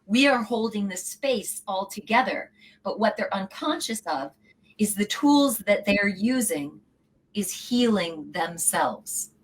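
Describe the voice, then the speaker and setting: A woman's voice: medium pitch, animated, takes it slowly, low-quality recording. A middle-aged woman, a yoga teacher, talking earnestly and from the heart as an interview guest, her thoughts running on. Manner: earnest and heartfelt, speaks in flowing run-on thoughts. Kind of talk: casual interview talk.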